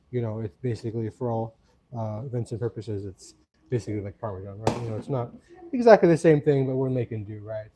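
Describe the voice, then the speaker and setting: A man's voice: fairly high pitch, mellow, a little hiss or hum. A man hosting a casual cooking livestream from his home kitchen, chatting to viewers in a rambling, friendly way.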